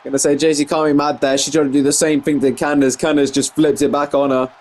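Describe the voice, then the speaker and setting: A young man commentating a wrestling video game in casual play-by-play, excitable, often saying "jeez" and correcting himself mid-sentence. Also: a little high, fast talker, low-quality recording.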